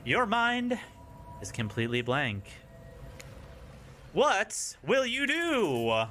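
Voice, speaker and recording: A man's voice: high voice, huge pitch swings, very slow, pushed and bright, a little hiss or hum. A man streaming a dating sim, reading its narration aloud with playful, wry asides.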